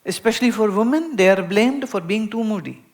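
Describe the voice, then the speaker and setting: Woman, spiritual teacher, public talk, mid pitch, animated storytelling, repeats words for emphasis. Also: fairly quick. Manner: animated storytelling, acting out everyday dialogues.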